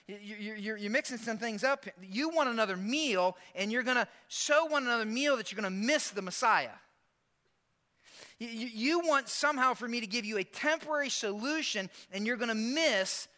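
Bright high-voiced pastor preaching. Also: male voice. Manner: animated, acts out Bible characters in quick asides. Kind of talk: sermon.

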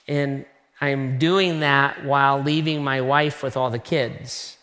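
A middle-aged man preaching a sermon, telling a personal story in an animated, self-mocking way. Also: medium pitch, slow. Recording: long reverb of a large hall.

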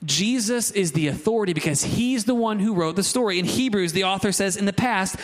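A man preaching a sermon, lively and conversational, with asides to the congregation. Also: high-pitched, a little fast. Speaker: pastor.

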